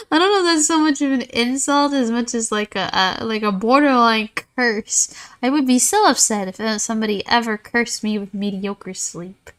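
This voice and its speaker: A woman's voice: fairly high pitch, normal speed, fairly bright tone. A young woman chatting casually while streaming a game, rambling, tired and sarcastic. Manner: rambling, self-mocking, sarcastic. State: tired, yawning.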